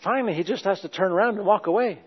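A man with a fairly high voice preaches a sermon with emphasis, repeating phrases over and over. His voice rings in a long hall reverb, and the recording sounds dull. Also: rapid-fire, husky.

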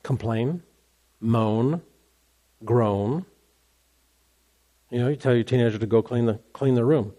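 A man preaching a sermon as a pastor, animated, acting out complaining voices along the way. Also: medium pitch, takes it slowly, pauses often.

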